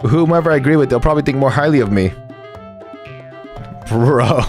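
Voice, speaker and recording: A man's voice: mid-range voice, brisk, long pauses, soft background music. A young man streaming a story game, playfully reading text aloud and chatting with his audience. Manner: playful, reads game text aloud, jumps between voices. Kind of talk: live gaming commentary and reading.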